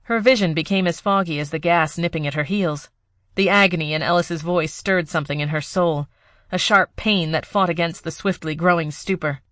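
Here a female audiobook narrator delivers scripted text steadily and with measure, her pitch sitting fairly low. It's a studio-quality recording with no room sound.

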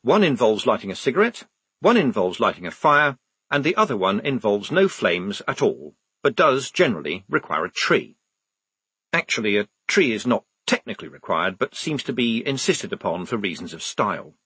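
A man's voice: on the low side, big pitch swings, normal speed, pushed and bright, breathy edge, dry recording. A man reading a comic novel aloud with dry, wry delivery on a close studio mic. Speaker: narrator. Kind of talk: audiobook narration.

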